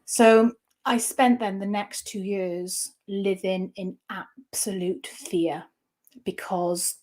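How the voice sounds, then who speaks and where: A woman's voice: medium pitch, steady tone, darkish tone. Candid woman telling her story. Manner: candid, halting, with frequent restarts. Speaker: interview guest. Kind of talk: personal storytelling in an interview.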